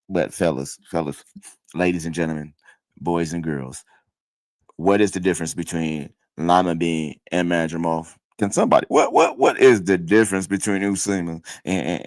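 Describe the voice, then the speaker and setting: A fifty-year-old man hosts a casual boxing livestream with a fairly low voice, close and dry on the mic. He talks trash loosely, stumbling into repeated words and swearing as he reads the chat. His voice jumps up high when he gets worked up. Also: no echo. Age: 50s. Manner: animated, stuttering repetitions, profane trash talk.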